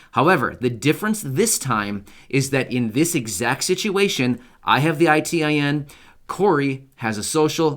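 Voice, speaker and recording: A man's voice: medium pitch, a bit bright. A man hosting his own channel, talking straight to his viewers in a casual, conversational way and repeating key points for emphasis. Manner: speaks directly to viewers. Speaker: channel host. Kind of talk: casual explainer video.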